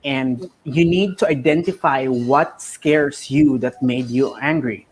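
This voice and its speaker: A man in his thirties hosts a relaxed interview in a mid-range voice. He talks reflectively, circles back over his words as he thinks, and laughs easily. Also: medium pitch, takes it slowly, a little hiss or hum. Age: 30s. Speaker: host. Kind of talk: casual interview talk.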